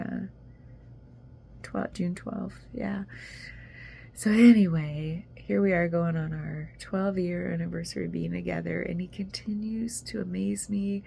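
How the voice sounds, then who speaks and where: A woman's voice: medium pitch, creaky, mellow, a little hiss or hum. A woman talking casually in a video journal, rambling and emotional as she confides personal news. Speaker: vlogger.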